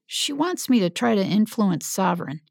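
A woman reading a desperate man in an audiobook, his worry spilling into raised, strained pleading. The voice sits a little above her own, with a gravelly edge, recorded dry and close. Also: mid-range voice, sing-song, moderate pace, no room sound. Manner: pleading, rising to shouting. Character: anguished adult man, a smith.

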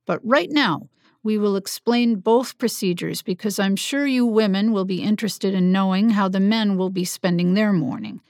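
A woman voicing a brisk, cheerful male doctor with a heavy Scottish accent, upbeat and teasing. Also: medium pitch, darkish tone, dry recording, clean studio sound, natural voice. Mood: jovial.

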